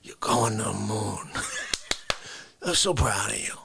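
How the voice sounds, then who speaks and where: A man playing an indignant, easily offended Bronx man in an improvised comedy rant, lurching between shouts and whispers. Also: on the low side, lively intonation, slow pace, gravelly, background noise, voice pushed down, full character voice.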